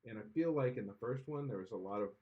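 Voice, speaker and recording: A man's voice: medium pitch, expressive, fast talker. A man co-hosting a podcast, giving blunt, opinionated takes in casual chat and often trailing off. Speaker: podcast co-host. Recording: slightly dull lo-fi sound.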